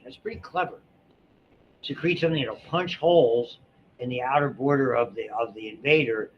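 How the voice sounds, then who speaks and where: A middle-aged man teaching a biology class, chatty and digressive, with frequent restarts and asides. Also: medium pitch. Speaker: biology instructor. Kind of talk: classroom lecture. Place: lecture classroom. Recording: dull lecture recording with faint hiss.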